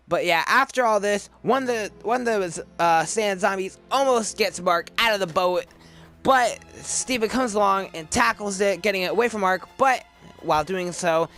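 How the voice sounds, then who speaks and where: A man's voice: a little high, a bit bright. A young man giving a casual, rambling episode review, often correcting himself and sounding emotional.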